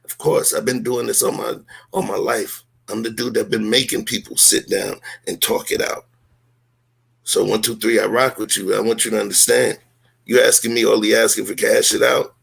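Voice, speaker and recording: A man's voice: fairly low pitch, gravelly, a bit bright, breathy edge. A man, defending himself in a heated live-stream talk, emphatic and rhetorical, full of slang.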